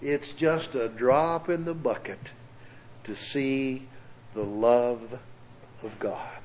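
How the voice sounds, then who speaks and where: Male preacher, church sermon, earnest and pleading, unhurried drawn-out delivery, muffled lo-fi recording. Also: medium pitch, darkish tone, slight background noise. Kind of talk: sermon with storytelling. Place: church sanctuary.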